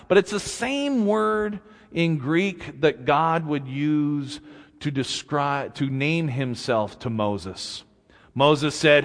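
A man's voice: a little high, expressive, measured pace. A male pastor preaching a sermon in a conversational way, with casual asides to the congregation, in a church sanctuary. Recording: long reverb in a church.

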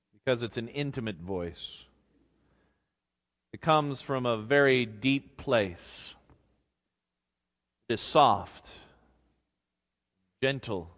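A man preaching a sermon, speaking gently and reflectively as a pastor. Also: medium pitch. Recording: long reverb of a large hall.

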